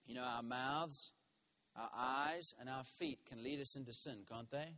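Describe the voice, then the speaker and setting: A man preaching a sermon as a minister, reading scripture slowly and telling a story that grows loud and heated as he gets worked up. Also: mid-range voice. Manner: animated storytelling, voice rising sharply when worked up; reads scripture slowly and deliberately.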